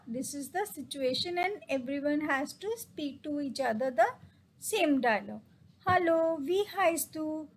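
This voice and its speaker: A woman with a high voice gives a casual German lesson in English, reading German phrases slowly and explaining each one. The recording quality is low.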